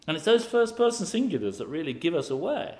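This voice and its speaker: Male preacher, lively expository sermon, somewhat high voice, rhetorical questions. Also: fast talker.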